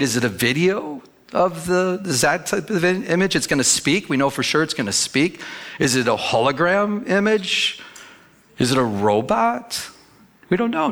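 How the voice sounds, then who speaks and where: A man's voice: a little high, a bit bright. A pastor preaching a sermon in a conversational way, often asking his listeners questions. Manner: conversational, asks the audience questions.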